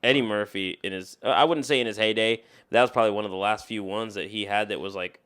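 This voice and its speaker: A man's voice: fairly low pitch, fairly even intonation, fast, fairly bright tone, clean tone. A man co-hosting a podcast, teasing his friends with crude jokes in casual banter. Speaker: podcast co-host.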